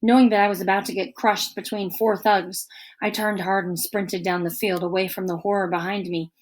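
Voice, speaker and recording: Expressive woman reading a kids' book. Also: medium pitch, moderate pace. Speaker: audiobook narrator.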